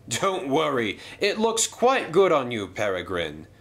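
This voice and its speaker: A man's voice: medium pitch, wildly swooping pitch, measured pace, a bit bright, pitched above the performer's own voice, full character voice. A man voicing a formal, authoritative older male railway boss in a toy train story.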